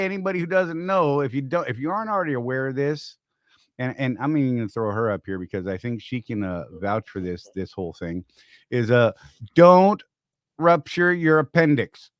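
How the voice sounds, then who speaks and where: A man's voice: medium pitch, dry recording, clean studio sound. A man co-hosting a trucking livestream, joking and rambling in a casual chat while greeting viewers by name.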